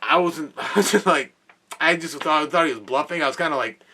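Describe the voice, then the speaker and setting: A young man, host of a podcast, telling an animated work story in a casual way with exclamations and laughs. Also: a little high, fairly quick, recorded from a distance.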